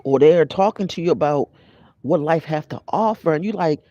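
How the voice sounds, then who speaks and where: Here a man with a somewhat high voice talks at a moderate pace, sharing casual spiritual encouragement and naming live viewers as he greets them. He's a spiritual vlogger with an energetic, conversational style. There's no echo, though the high frequencies are cut off.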